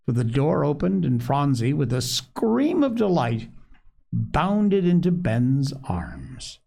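A man reading a children's story aloud, gentle, expressive and unhurried. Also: a little high, creaky.

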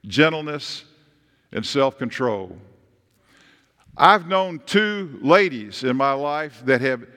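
Animated preacher with long reverb. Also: male voice, a little high. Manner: animated, with emphatic rises and storytelling asides. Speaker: pastor. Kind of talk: sermon.

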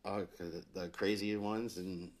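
A man's voice: low-pitched, fairly even intonation, unhurried. A man co-hosting a podcast in casual chat, teasing and cursing. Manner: teasing, profane banter.

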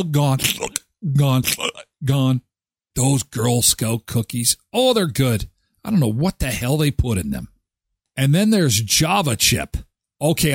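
A man's voice: medium pitch, breathy edge, dry recording, clean studio sound. A middle-aged man from Canada hosting a live show, chatting casually and joking sarcastically as he reads viewer comments. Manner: animated, joking, sarcastic asides.

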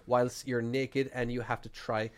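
A man's voice: mid-range voice, little pitch movement, measured pace. A man with an Irish accent, a podcast co-host, chatting casually and telling rambling stories with frequent laughter. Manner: rambling storyteller, laughs often. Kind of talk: casual chat.

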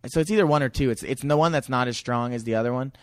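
A man of middling pitch speaks candidly as a podcast guest, rambling and restarting his sentences as he goes. The sound is dry and close, with no room echo. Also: racing. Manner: candid, rambling, repeats words and restarts often. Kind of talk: casual podcast conversation.

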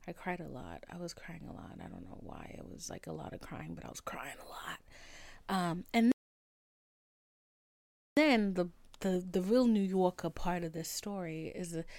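A woman in her twenties, a podcast host telling a story in casual talk. She swears freely and swings from hushed whispers to loud ranting. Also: fairly low pitch, vocal fry, no room sound. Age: 20s.

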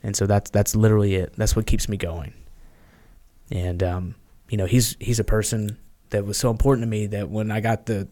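A man speaking as a podcast guest, earnest and halting, often restarting his sentences, and sounding tired. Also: fairly low pitch, little pitch movement, dark tone. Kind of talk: candid conversation.

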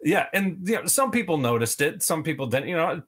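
A man's voice: a little high, lively intonation, fairly quick, a bit bright, slight background noise. A man as a podcast guest, giving long rambling answers full of fillers. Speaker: podcast guest, toy video creator. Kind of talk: casual interview chat.

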